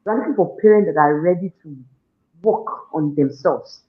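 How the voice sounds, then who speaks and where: A woman with a Nigerian accent giving an animated testimonial, acting out her own scolding and prayers and laughing often. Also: deep voice, normal speed. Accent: Nigerian English. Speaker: parenting program participant. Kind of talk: testimonial interview. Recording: echoey room on a tinny phone-like line.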